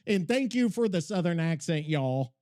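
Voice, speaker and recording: In this casual podcast, the male host rambles and curses constantly at a normal speed. His voice sits high and jumps around wildly, bursting with excitable energy.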